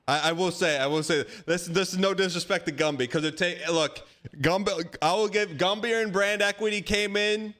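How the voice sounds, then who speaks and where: High-voiced man rambling animatedly. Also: moderate pace. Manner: animated, rambling, mock-defensive. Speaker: livestream host. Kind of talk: casual chat.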